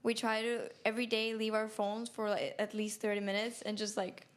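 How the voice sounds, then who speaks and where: A young woman answers interview questions in a relaxed, casual way. Her voice sits at an ordinary middle pitch for a woman. She talks loosely, with a lot of "like" and "I mean". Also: fairly quick. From Finland. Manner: easygoing, casual. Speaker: band member.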